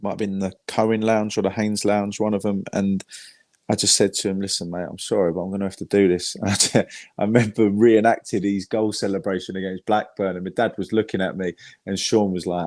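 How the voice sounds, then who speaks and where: A man with an English accent chats as a podcast guest, rambling through fan anecdotes and swearing freely. His voice sits fairly low. The sound is dry and close, with no room echo. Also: steady tone, fairly quick, a little mellow. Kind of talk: casual chat.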